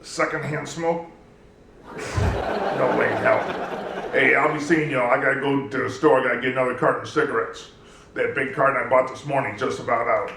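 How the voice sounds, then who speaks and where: A man putting on a raspy, middle-aged chain smoker who sighs and groans with pleasure. He keeps a flat, deadpan delivery. The sound is distant and echoing in a busy live room. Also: mid-range voice, moderate pace, close to an everyday voice. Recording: roomy live venue, distant mic, noisy.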